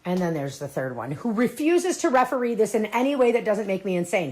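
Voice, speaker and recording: A woman's voice: mid-range voice, very animated, brisk, hardly any pauses, darkish tone, husky. A middle-aged woman hosting her own vlog in a casual, rambling, chatty way, often interrupting herself. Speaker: vlog host. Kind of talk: casual chat.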